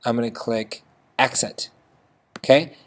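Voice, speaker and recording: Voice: medium pitch, fairly even intonation, measured pace. A music teacher giving a casual screen-recorded notation lesson, often checking in with "okay?" and singing short phrases of notes. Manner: chatty, checks in with frequent "okay?", sings notes.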